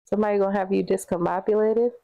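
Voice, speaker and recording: A woman's voice: medium pitch, fairly even intonation, fast talker, gravelly, dark tone, muffled recording. A woman giving casual tarot readings, chatty and rambling with lots of fillers, laughing easily. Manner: sings song snippets between readings. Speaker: tarot reader.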